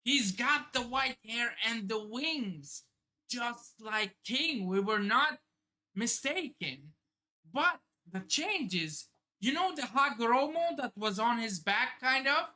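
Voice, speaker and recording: A man reading a manga chapter aloud on a live stream, reacting with excited outbursts and casual swearing. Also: very high-pitched, slow.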